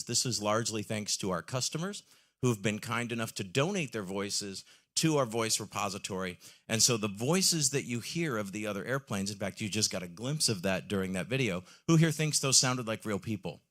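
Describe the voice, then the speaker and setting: A man with a lowish, sharp-toned voice gives an enthusiastic live product presentation on a trade-show stage. He says "um" often and throws questions to the audience.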